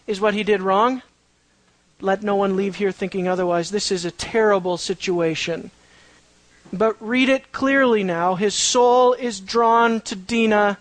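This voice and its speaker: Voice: medium pitch, a little slow, no echo. Preacher going verse by verse, asks the crowd questions, repeats stuff for emphasis, dry close sound. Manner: asks the listeners rhetorical questions; repeats key phrases for emphasis. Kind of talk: expository sermon.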